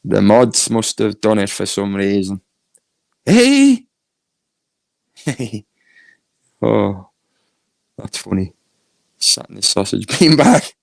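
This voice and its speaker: Northern English male streamer, low gravelly voice, chatty with frequent laughs, dry close sound. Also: takes it slowly, pauses often, no echo. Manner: chatty, laughs often, reads chat aloud. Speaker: YouTube streamer. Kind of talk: casual live-stream chat.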